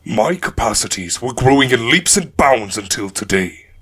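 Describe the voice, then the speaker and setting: A man narrating a dark fantasy audiobook in a measured storytelling manner. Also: mid-range voice, animated, husky.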